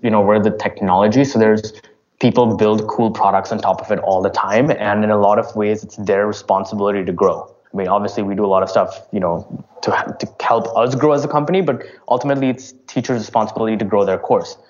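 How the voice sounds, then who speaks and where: Brief: lower-voiced man, casual interview guest, stops and restarts a lot, muffled lo-fi audio. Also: fairly even intonation, a little mellow. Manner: halting, many fillers and restarts. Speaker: startup founder.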